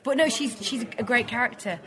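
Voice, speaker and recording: A woman's voice: a little high, brisk, crowd noise. A woman from the north of England, a musical theatre actress, chatting and laughing in an interview. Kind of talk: casual interview chat.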